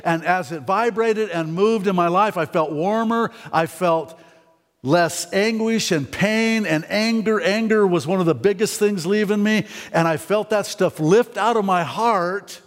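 A man's voice: sits high, moderate pace, few pauses, in a large hall. A man preaching a candid, folksy sermon testimony in church, often repeating words as he talks.

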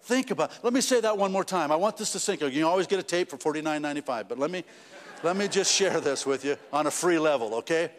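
A man's voice: a little high, lively intonation, fast, big-room sound. A man preaching a sermon in a church, talking conversationally with restarts and rising to emphatic peaks. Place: church sanctuary.

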